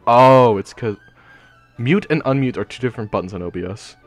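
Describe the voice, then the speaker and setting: A man's voice: medium pitch, a little fast, faint music behind. A man chatting casually with friends on a voice call before a tabletop game, rambling and laughing often. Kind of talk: casual chat over voice call.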